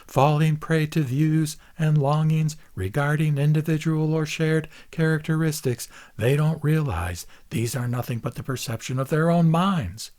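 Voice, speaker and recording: A man reading a Buddhist scripture aloud in a measured, solemn recitation. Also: on the high side, darkish tone. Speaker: reader.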